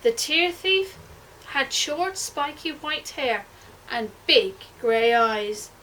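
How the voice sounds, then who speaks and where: A woman, a primary school teacher, reading a picture book aloud expressively and dropping to a hush at tense moments. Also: high voice, slow, far from the mic, slight background noise, poor audio. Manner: expressive, hushed at suspense.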